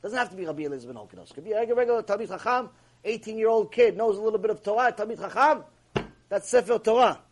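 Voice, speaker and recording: A man's voice: high voice, lively intonation, quick pace. A man giving a mussar lecture as a Torah teacher. He is emphatic, repeats himself and asks many rhetorical questions.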